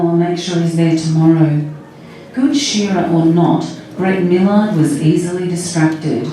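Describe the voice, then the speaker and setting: A crime writer reading from her novel in a steady way, with joking asides. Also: deep voice. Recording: echoey room, distant mic, faint noise.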